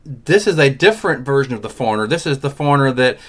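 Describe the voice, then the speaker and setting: A man's voice: medium pitch, expressive, fast talker. A man hosting a casual webcast chat, reading out audience questions and laughing often. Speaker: podcast host.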